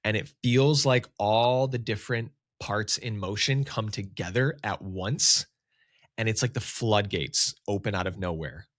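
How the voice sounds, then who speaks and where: A man talking casually as a business coach on a solo podcast, with lively emphasis. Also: fairly low pitch, unhurried, no room sound, clean studio sound. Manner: casual, conversational, animated emphasis.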